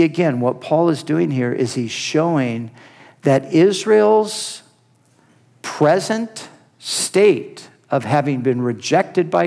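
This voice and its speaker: A man's voice: on the high side, vocal fry, darkish tone. A man preaching an expository sermon, earnest and emphatic, rising sharply on key points.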